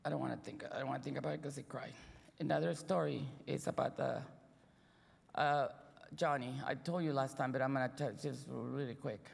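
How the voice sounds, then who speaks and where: A middle-aged woman, a Sabbath school teacher, telling earnest stories to a congregation with halting restarts. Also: very deep voice, steady tone, gravelly, husky. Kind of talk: sermon-style storytelling. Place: church hall. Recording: long reverb in a church hall.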